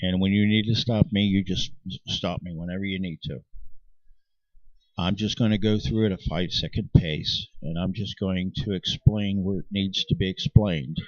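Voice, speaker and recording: A man's voice: low-pitched, steady tone, normal speed, no echo. A man delivering an impassioned, insistent monologue to his viewers, often restarting his sentences. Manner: emphatic and insistent, with frequent restarts. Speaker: channel host. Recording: dry, dull lo-fi sound.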